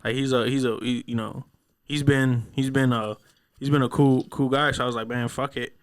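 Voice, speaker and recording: A young man hosting a laid-back podcast, telling rambling stories in a mid-range voice. He swears freely and slips into quick impressions of the people he quotes. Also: medium pitch, steady tone, clear, resonant tone. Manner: rambling storyteller, heavy cursing, acts out voices in quotes. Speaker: podcast host. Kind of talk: casual podcast chat.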